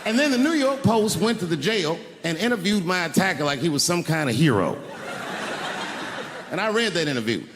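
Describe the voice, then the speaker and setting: A man doing a stand-up routine on a theater stage with a handheld mic, swinging from high incredulous outbursts to low, hushed storytelling. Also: very animated, fairly quick. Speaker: stand-up comedian. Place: large theater stage with a live audience. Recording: live hall reverb, audience noise.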